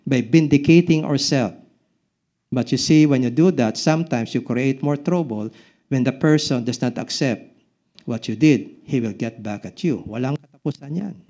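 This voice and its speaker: A male pastor with a Filipino accent preaching a sermon, often quizzing the congregation with short questions and dropping from loud emphasis to hushed lines. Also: medium pitch, moderate pace. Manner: swings between loud emphasis and hushed drops.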